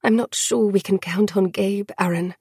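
A woman's voice: mid-range voice, steady tone, normal speed, warm tone, breathy edge, no echo, clean studio sound. A woman voicing a young woman prisoner who talks urgently and protectively to a friend. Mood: worried. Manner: urgent, pleading.

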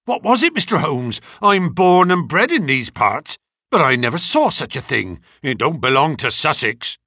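A man's voice: medium pitch, very animated, takes it slowly, pushed and bright, dry recording, studio quality, voice pushed down, heavily acted. A man reading the lines of a plain-spoken, bewildered local police inspector in a storybook reading. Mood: puzzled. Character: blunt local male police inspector, middle-aged.

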